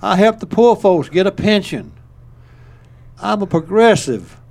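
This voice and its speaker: A man voicing a drunk older Southern governor who boasts slowly and stumbles over his words. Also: high-pitched, sing-song, vocal fry, darkish tone, voice pushed up, heavily acted. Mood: boastful. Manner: slow, slurred, stumbling speech.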